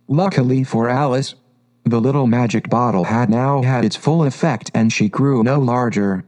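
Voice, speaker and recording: A man narrating a classic storybook in a measured, unhurried reading. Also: mid-range voice, darkish tone, poor audio.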